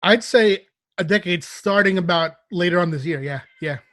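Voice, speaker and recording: A man hosts a casual podcast, teasing and bantering with his guest. His voice runs high. The sound is dry, with no room echo. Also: normal speed, fairly bright tone. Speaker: podcast host.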